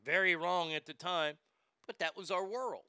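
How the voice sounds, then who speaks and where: Male sports host, profane rant, stammering repeats, sharp bright tone, dry close sound. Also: sits high, moderate pace, smooth, no room sound. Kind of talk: ranting monologue.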